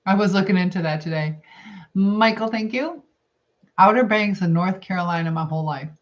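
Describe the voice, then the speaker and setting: A woman's voice: medium pitch, moderate pace. A middle-aged woman hosting a casual livestream, chatting with viewers and rambling as she eats and reads comments. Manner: chatty, rambling, thinks aloud while eating. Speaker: livestream host. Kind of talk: casual live chat reading comments. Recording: dull lo-fi stream audio.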